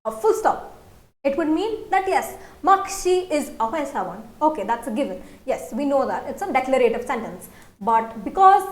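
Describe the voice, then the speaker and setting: Lively high-voiced woman teaching a language. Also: reverberant. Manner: explains slowly, repeats example sentences. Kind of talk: online language lesson.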